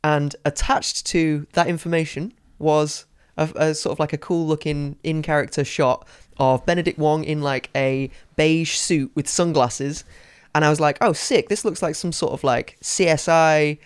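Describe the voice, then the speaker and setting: Smooth-voiced northern English man, curious. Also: a little high, steady tone, normal speed, dry recording, studio quality. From northern England. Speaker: podcast co-host. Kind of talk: casual chat.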